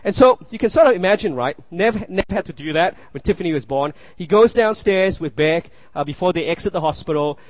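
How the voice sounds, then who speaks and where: A man's voice: high-pitched, lively intonation, a little fast, few pauses, no echo. Earnest male preacher, dry close sound. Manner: earnest, repeats phrases, asks the room "you see?". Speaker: pastor. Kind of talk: sermon.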